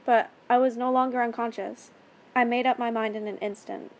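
A woman narrating a first-person story in a steady, plain reading voice. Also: on the high side, moderate pace.

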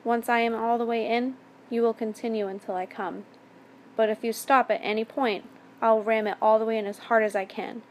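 A woman reading as a calm, domineering man. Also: a little high, slight background noise, natural voice. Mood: cold commanding. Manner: calm, measured, commanding. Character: calm, domineering adult man, cold and commanding.

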